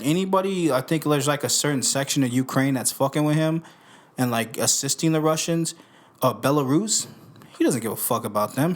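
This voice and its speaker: A young man hosting a casual podcast into a studio microphone, talking in a profane, slangy, animated way. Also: medium pitch. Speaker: podcast host.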